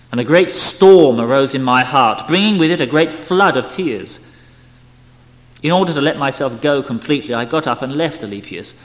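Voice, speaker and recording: Male reader, emotional memoir delivery with animated pitch, recorded in a reverberant hall. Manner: expressive, emotional, wide swings in loudness. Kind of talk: dramatic reading of a spiritual memoir.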